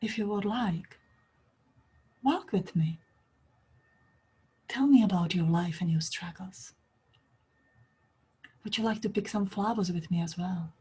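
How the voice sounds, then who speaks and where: A woman voicing a calm, kind little girl in a red hood in a storybook retelling, speaking gently and soothingly. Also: medium pitch, moderate pace, breathy edge. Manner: gentle, soothing, sometimes whispered.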